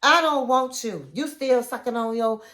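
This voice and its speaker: A woman acting out an angry young woman who shouts down her boyfriend and will not let him speak. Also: sits high, lively intonation, unhurried, voice pushed up, full character voice. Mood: angry, dismissive. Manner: loud, cutting in, dismissive.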